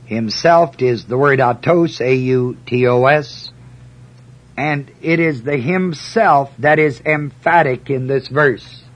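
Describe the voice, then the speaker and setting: A man teaching through Bible verses one by one, reading scripture aloud in a measured cadence and stressing key words. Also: mid-range voice, low-quality recording. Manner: slow and deliberate, emphatic on key words.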